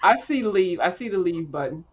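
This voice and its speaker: A woman's voice: on the low side, lively intonation, moderate pace. Female stream guest with a casual, joking manner and easy laughs. Audio is dull and lo-fi. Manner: joking, informal, laughs while talking. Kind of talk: casual chat.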